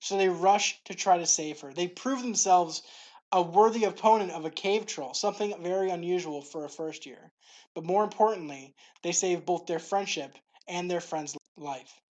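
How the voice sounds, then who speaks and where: A woman hosts a faith series and reads her devotional narration from a script. Her voice sits a little low, and she keeps her delivery clear and steady throughout. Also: moderate pace, lo-fi sound.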